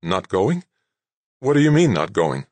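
A man's voice: on the low side, very animated, a little slow, a little mellow, no echo, pitched above the performer's own voice. A man reading an audiobook, voicing a flustered young husband who protests anxiously. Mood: panicky.

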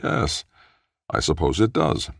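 A man's voice: very deep voice, very animated, slow pace, gravelly, fairly bright tone, dry recording, clean studio sound, full character voice. A man voicing a composed, inquisitive male scientist in an audiobook. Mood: wry.

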